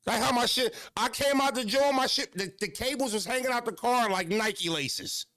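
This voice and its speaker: Animated, foul-mouthed male stream host. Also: normal speed, dry recording, studio quality. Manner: animated, profane, big swings between high excited and low mocking tones. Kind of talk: casual storytelling to a live chat.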